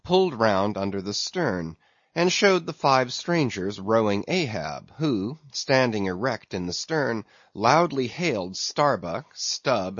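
Man, unhurried audiobook narrator, lively pitch, dry and slightly dull lo-fi recording. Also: no room sound. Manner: measured, expressive storytelling.

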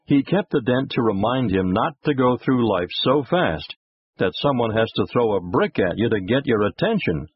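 Husky man telling a moral story. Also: mid-range voice, moderate pace, no room sound. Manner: expressive, moralizing. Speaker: narrator. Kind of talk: storytelling narration. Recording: dull lo-fi recording.

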